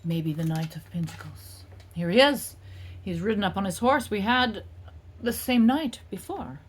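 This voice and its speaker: A woman's voice: medium pitch, animated, a little slow, breathy edge. A woman doing a casual tarot reading, talking in a playful, rambling and self-mocking way. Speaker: tarot reader.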